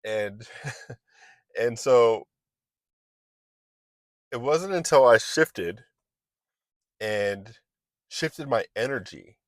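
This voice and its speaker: An online business coach with an expressive mid-range voice speaks extremely slowly, with long pauses, and the recording has no room sound. His motivational talk is casual and loose, with frequent sentence restarts and acted-out little exchanges.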